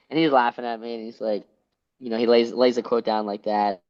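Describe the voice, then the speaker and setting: A man's voice: mid-range voice, little pitch movement, fairly quick. A man in his late twenties from Pennsylvania, a former wrestler telling stories in an interview, rambling and restarting with lots of fillers. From Pennsylvania, USA. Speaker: guest, former college wrestler. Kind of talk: casual interview storytelling. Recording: slightly dull lo-fi sound.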